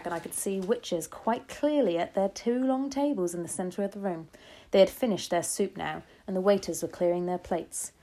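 A woman reading a children's novel aloud in a steady, gentle storytelling manner. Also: mid-range voice. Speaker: reader.

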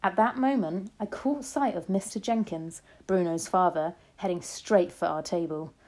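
A woman reading a children's novel aloud in a steady, gentle storytelling manner. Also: fairly low pitch, normal speed. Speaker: reader.

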